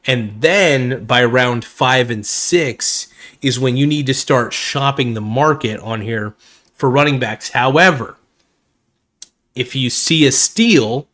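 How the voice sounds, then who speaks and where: A man's voice: mid-range voice, fairly bright tone. A man hosting a casual fantasy football stream, rambling with many fillers and calling viewers "man," his voice slightly worn. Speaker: fantasy football video host. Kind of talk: casual live-stream chat.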